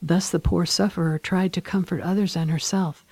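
Audiobook narrator, woman, solemn and dramatic, dark warm tone. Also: on the low side, fairly even intonation, moderate pace, no room sound. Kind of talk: scripted narration of a classic novel.

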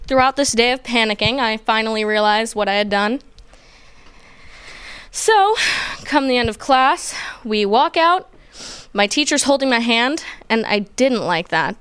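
Young woman, storyteller, animated and playful, high smooth voice, dry sound. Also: no room sound. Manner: animated, playful, acts out quotes. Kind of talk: personal story told to a group.

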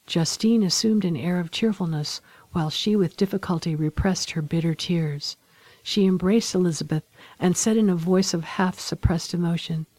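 A woman narrating a classic novel aloud in a solemn, measured, dramatic manner. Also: lowish voice, steady tone, mellow, no echo. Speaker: audiobook narrator.

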